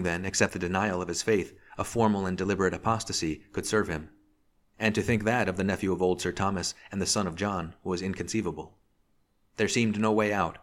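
A man reading a novel aloud as an audiobook narrator, in a measured, even way. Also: low-pitched. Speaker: audiobook reader. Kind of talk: scripted narration.

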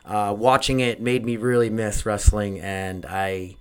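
Male podcast host, solo, casual and self-deprecating, rambles and loses his thread, low-to-mid voice, home mic. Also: flat delivery, unhurried, a little mellow, smooth. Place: home recording setup. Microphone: desk microphone.

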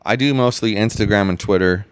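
A man hosting a casual podcast chat, ranting in an animated, sarcastic way with many restarts. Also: lowish voice, a little fast, no room sound. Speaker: podcast host.

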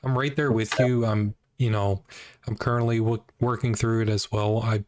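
Low, flat-voiced man chatting. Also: moderate pace, no room sound, clean studio sound. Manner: relaxed, lots of "you know" fillers. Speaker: podcast co-host. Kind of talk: casual podcast chat.

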